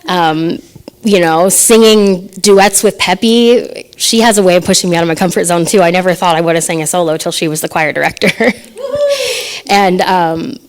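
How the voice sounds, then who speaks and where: A woman's voice: lowish voice, moderate pace. A woman in her thirties giving a personal testimony to her congregation, hesitant and full of fillers, emotional and laughing nervously between phrases. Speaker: assisting minister giving a message.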